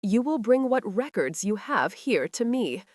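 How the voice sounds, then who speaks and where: A woman voicing a stern male crusader lord who gives curt, quiet orders. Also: medium pitch, sing-song, a little slow, dry recording, studio quality. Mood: commanding.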